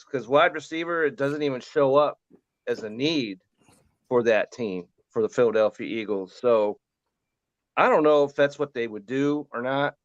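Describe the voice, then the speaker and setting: A man co-hosting a fantasy football show, giving relaxed, rambling draft analysis in casual chat. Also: mid-range voice, no room sound, dull audio.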